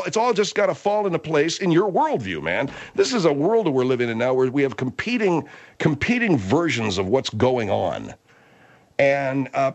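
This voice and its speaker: A man hosting a rambling comedy talk, reading news aloud haltingly and exasperated. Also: on the high side. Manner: halting, stumbling reader, exasperated.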